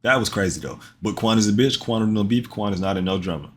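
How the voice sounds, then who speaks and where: Laid-back joking streamer man, low voice. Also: fast, background noise. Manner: loose, joking and profane, repeats himself. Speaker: streamer reacting to a video. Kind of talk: casual live-stream commentary.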